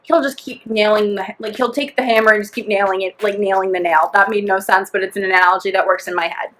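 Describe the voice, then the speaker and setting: A woman's voice: medium pitch, fairly even intonation, fast talker, a bit bright. A young woman co-hosting a podcast, telling a long story in a rambling, laughing way, full of "like" and acted-out quotes. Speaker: podcast co-host. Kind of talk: casual chat storytelling.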